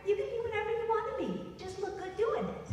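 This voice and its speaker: A woman's voice: very high voice, fast talker, darkish tone, slight background noise, voice pushed up. A woman doing a frank, sing-song German mother. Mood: breezy. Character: blunt, doting German mother. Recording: echoey hall, distant mic.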